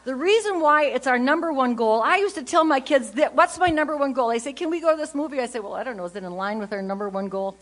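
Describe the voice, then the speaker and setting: This is a conference speaker, an older woman whose faith talk is full of humor. She tells animated stories, cracks rapid jokes, voices her kids and other characters, and alternates loud outbursts with low side comments.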